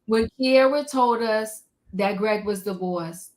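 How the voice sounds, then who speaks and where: A woman's voice: on the high side, takes it slowly, a little mellow. A woman co-hosting a casual TV recap chat, sassy and emphatic, repeating words for effect. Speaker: podcast co-host.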